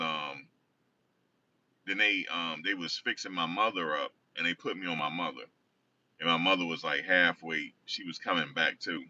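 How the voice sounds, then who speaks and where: A man's voice: low-pitched, sharp tone, no echo. A man casually telling a rambling personal story, often correcting himself. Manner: rambling, self-correcting, conversational. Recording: distant dull lo-fi recording.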